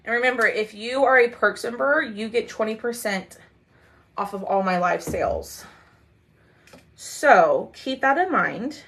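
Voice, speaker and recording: A woman's voice: on the high side, animated, a bit bright. A woman chatting casually with viewers while she demonstrates a craft during a live sale, with lots of "um"s and "y'all"s. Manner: chatty, drawn-out "y'all", many "um"s. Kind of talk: casual livestream chat.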